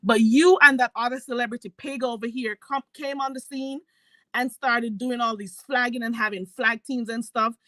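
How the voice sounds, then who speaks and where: A woman's voice: on the high side, fairly even intonation, moderate pace, a bit bright, no echo. A woman hosting a commentary channel, ranting in a heated, mocking and profane way. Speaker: YouTube commentary host.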